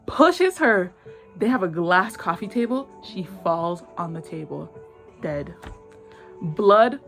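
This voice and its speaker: A young woman casually retelling a drama plot in slangy, excitable talk, acting out lines in quick voices. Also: on the low side, soft background music. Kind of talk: casual animated storytelling.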